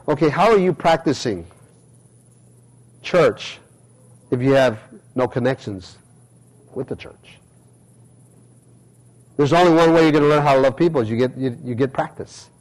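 A man's voice: a little high, poor audio. A middle-aged male pastor giving a conversational sermon, acting out everyday quotes as he preaches.

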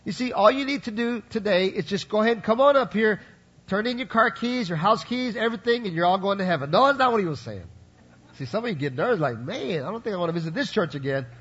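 High-voiced husky preacher. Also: male voice, animated, quick pace, fairly bright tone, lo-fi sound. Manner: conversational preaching, frequent "right?" and "you follow?" asides. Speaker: pastor. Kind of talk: sermon.

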